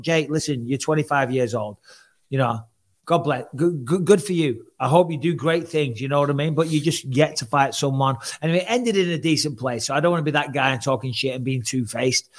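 A man co-hosting a podcast, telling stories in casual chat and acting out the exchanges he quotes. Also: medium pitch. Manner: storytelling, acts out quoted exchanges. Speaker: podcast co-host.

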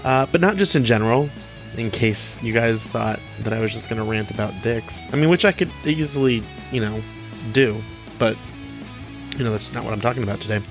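Young man, podcast host, playful and cheeky, chatty with fillers, mid pitch, faint guitar behind. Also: brisk. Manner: cheeky, playful, laughs often, many fillers. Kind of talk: casual solo podcast talk.

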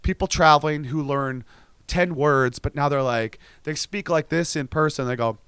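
A man co-hosting a podcast in casual chat, animated and swearing freely as he mimics people in his stories. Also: fairly high pitch, moderate pace, smooth, dry recording. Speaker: podcast co-host.

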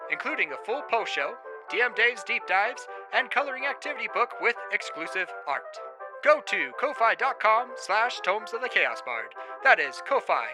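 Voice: medium pitch, natural voice, low-quality recording. A performer voicing a chipper gnome radio host reading announcements in an upbeat, announcer-like way, with music underneath. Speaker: show host for mid-show break. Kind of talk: scripted announcement.

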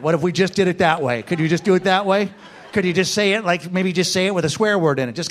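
A man doing a stand-up set, profane and ranting, building his bits up to shouted outbursts before a live audience. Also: sits high, fast talker. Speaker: stand-up comedian.

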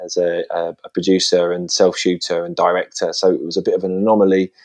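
A man's voice: sits low, fast. Chatty man telling stories. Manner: chatty storytelling, lively voices when quoting. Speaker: guest, children's TV presenter. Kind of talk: casual interview chat.

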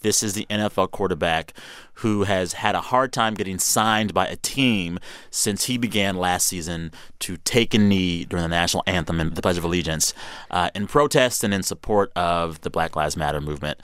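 A man hosting a podcast, chatting through the week's news in a playful, animated way and laughing easily. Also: sits low, normal speed, clear, resonant tone, dry recording. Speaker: podcast host. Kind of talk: casual news roundup chat.

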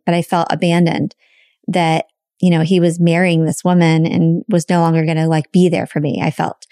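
A woman's voice: lowish voice, dark tone, dry recording, clean studio sound. A woman co-hosting a podcast, telling a personal story openly and emotionally, swearing casually. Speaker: podcast co-host.

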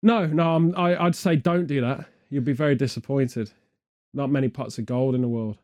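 In a steady, slightly mellow medium-pitched voice and at a moderate pace, a British man rambles comedically. His casual chat wanders into absurd tangents delivered deadpan.

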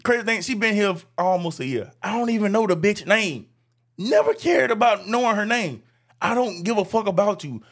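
A man's voice: high-pitched, brisk. A man telling work stories in casual, profane chat and acting out the dialogue with lots of energy. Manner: animated, profane, acts out quoted dialogue.

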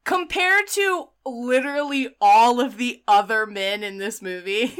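A woman co-hosting a casual chat, retelling a film scene by scene in an animated way, with frequent laughs. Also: a little high, unhurried, smooth. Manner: animated storyteller, acts out the quotes, laughs often. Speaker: podcast co-host. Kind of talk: casual movie recap chat.

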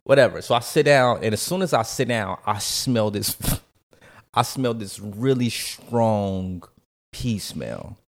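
A man in his thirties telling a story in a casual chat, animated and laughing as he acts out the people in it. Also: lowish voice, slow. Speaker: guest storyteller.

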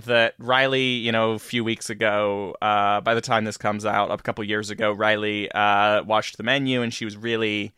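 A man's voice: on the low side, level tone, moderate pace, few pauses, sharp tone, clear, resonant tone, no echo, studio quality. A man co-hosting a podcast, chatting casually and joking around, swearing freely. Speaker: podcast co-host. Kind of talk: casual chat.

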